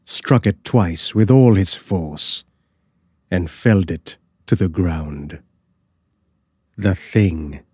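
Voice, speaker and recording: A man slowly narrating a classic horror story in a measured, dramatic way. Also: deep voice, darkish tone, breathy edge, no echo, studio quality.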